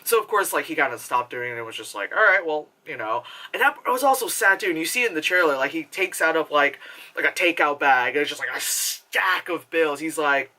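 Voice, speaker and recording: A woman's voice: low-pitched, expressive, a little fast, sharp tone. A woman giving a casual, rambling movie review, full of filler words and swearing.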